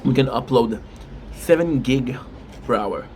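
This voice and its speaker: A man's voice: medium pitch, measured pace, darkish tone, slight background noise. A man chatting casually on a live stream while eating spicy food, rambling with restarts and frequent mm sounds.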